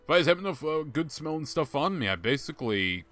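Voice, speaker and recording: A man's voice: on the high side, sing-song, fast talker, a bit bright, faint music behind. A young man casually commenting while he plays a game, thinking aloud and laughing at himself. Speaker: streamer playing a game.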